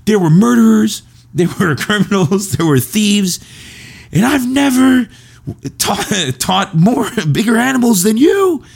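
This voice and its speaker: A man impersonating an exasperated male history teacher who rants in a high-pitched, indignant voice. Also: big pitch swings, unhurried, creaky, husky, exaggerated voice.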